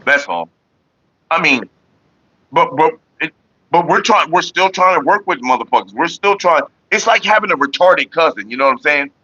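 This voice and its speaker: A man's voice: on the high side, expressive, moderate pace, pushed and bright, no echo, lo-fi sound. A man hosting a casual livestream, talking bluntly and profanely straight to his viewers. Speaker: livestream host.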